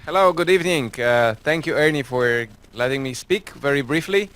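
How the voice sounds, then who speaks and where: A man leading a student group gives a short, halting introduction to the audience with many fillers. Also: mid-range voice, lively intonation, fairly bright tone, clean tone.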